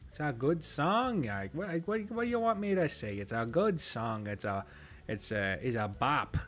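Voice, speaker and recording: This man's streaming commentary on a strategy game has a sing-song, slightly bright delivery at normal speed. He rambles, swears liberally and pokes fun at himself, sometimes speaking more quietly to avoid interrupting his roommate's call.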